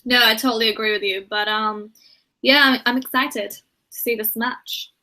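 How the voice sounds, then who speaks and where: A woman's voice: on the high side, steady tone, normal speed, pushed and bright, rough recording. A woman who is a guest on a podcast, chatting casually and easily over a video call.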